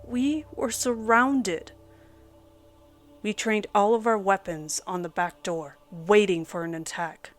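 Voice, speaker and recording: A woman reading a scripted horror story aloud as its narrator, in a steady storytelling delivery. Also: medium pitch, slow pace.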